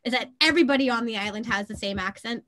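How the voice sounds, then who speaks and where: A woman's voice: a little high, fast talker, bright, forceful tone. Chatty American woman with Belfast touches. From Boston, USA. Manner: chatty storyteller, laughs easily. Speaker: interview guest. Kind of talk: casual interview chat.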